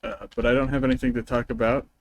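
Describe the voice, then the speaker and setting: A man's voice: medium pitch, little pitch movement, fast, low-quality recording. Rambling, joking male game streamer. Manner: rambling, joking, self-deprecating. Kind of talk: casual gameplay stream chat.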